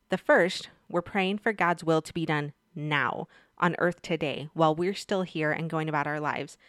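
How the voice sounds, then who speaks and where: A woman's voice: deep voice, no room sound, studio quality. A woman giving a casual devotional Bible lesson, chatty and speaking straight to her viewers with questions. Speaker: Bible teacher.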